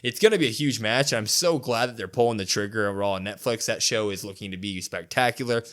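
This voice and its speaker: A man's voice: on the low side, fast talker. A man co-hosting a podcast, casually recapping a wrestling show and acting out the lines of those involved. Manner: animated retelling, acts out quotes. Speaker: podcast co-host.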